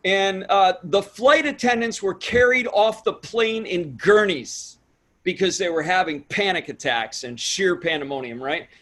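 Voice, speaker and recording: In a conversational interview with a preaching tone, a pastor and author tells stories emphatically, sermon-style, building to shouts when recounting events. His voice is high-pitched and his pace measured.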